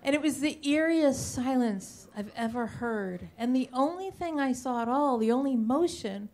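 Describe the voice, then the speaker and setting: A woman's voice: high voice, animated, normal speed, darkish tone. A woman telling a personal story on stage at a live show, chatty and self-mocking, acting out what others said. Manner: chatty, self-mocking, full of restarts and quoted voices.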